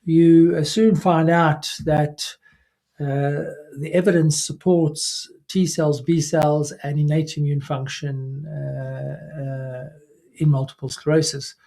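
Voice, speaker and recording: A man, a neurologist, giving a recorded scientific lecture in a measured way, with frequent fillers and self-corrections. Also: on the high side, level tone, vocal fry, warm tone. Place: remote recording away from the audience.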